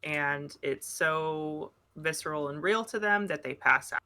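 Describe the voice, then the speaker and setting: A podcast co-host talking casually about a book, reacting quickly and chiming in often. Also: mid-range voice, bright, forceful tone. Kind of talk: casual book-club chat.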